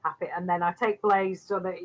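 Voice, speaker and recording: A woman playing a tabletop game, who gently describes what her character does, step by step. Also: fairly low pitch, level tone, brisk, rough recording. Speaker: player.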